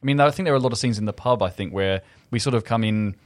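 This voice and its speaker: A man chatting casually in a film review podcast, quick and self-interrupting. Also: lowish voice, dry recording.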